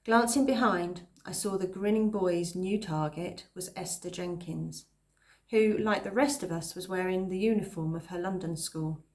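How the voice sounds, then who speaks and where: A woman reading a children's novel aloud at a calm pace, pausing now and then to explain a phrase. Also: lowish voice. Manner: calm, pauses to explain words. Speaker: reader.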